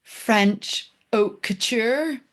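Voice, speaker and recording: A woman's voice: a little high, extremely slow. A woman co-hosting a podcast in casual chat, musing aloud and backing up her co-host.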